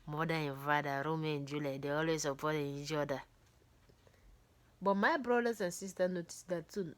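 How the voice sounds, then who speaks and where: Woman reading a book aloud. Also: on the low side. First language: not English. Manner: breaks off reading to comment and joke. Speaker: book reader.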